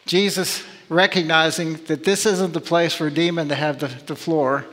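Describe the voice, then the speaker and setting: A man's voice: a little high, steady tone, moderate pace, a bit bright. A man preaching a sermon as pastor, emphatic and full of rhetorical questions. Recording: long reverb of a large hall.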